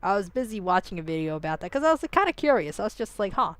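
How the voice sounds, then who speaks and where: A woman's voice: mid-range voice, very animated, rapid-fire, clear, resonant tone. A woman streaming a game and chatting casually with her viewers, rambling and swearing freely, with many "like" fillers and restarts. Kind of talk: casual live-stream chat while gaming.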